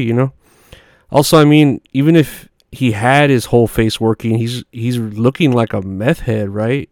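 A man's voice: mid-range voice, a little mellow, smooth, dry recording, studio quality. A man hosting a comedy podcast, rambling in a crude, sarcastic monologue with lots of fillers. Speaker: podcast host.

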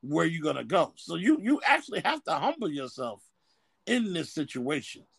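A man's voice: fairly high pitch, normal speed, creaky, husky, dry recording. A man co-hosting a podcast, talking bluntly in a casual, profane way. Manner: blunt, profane, animated storytelling. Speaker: podcast co-host.

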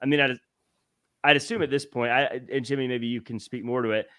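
A man with a mid-pitched voice hosts a relaxed podcast and reads listener questions from the chat. He keeps an easygoing tone and laughs often. The mic is close and the sound dry. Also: fairly quick, no room sound. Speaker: podcast host.

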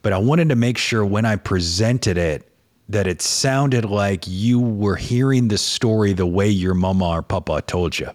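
A man's voice: lowish voice, a little slow. A man with a New Orleans accent, a podcast guest chatting casually, rambling with many restarts. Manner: rambling, restarts a lot, animated. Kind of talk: casual chat.

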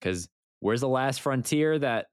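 A man co-hosting a podcast, chatting casually in an excited, joking way. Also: unhurried, smooth, no echo, studio quality. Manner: excited, jokey, lively swings in pitch. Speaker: podcast co-host. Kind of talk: casual chat.

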